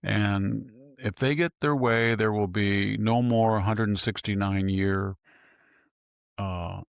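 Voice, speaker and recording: Low gravelly older man, emphatic. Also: steady tone, slow, dry recording, clean studio sound. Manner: emphatic, rhetorical questions, repeated phrases. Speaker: political commentator guest. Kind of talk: opinionated interview talk.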